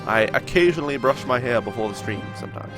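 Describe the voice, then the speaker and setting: A man's voice: medium pitch, lively intonation, quick pace, music in the background. A young man with a nasal voice and a sore throat, chatting casually as he streams a game and answers his viewers. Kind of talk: casual chat during a live game stream.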